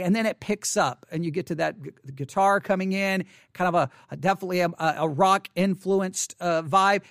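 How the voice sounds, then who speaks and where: A man's voice: sits high, no echo, clean studio sound. A man casually talking through a song's lyrics, reflective and hesitant, with frequent restarts and fillers. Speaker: song commentator. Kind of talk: casual spoken lyric interpretation.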